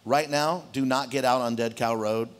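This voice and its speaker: A man preaching a sermon to his congregation as pastor, telling a story in an animated way and speaking straight to the room. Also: medium pitch, normal speed. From Arizona, United States. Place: church hall.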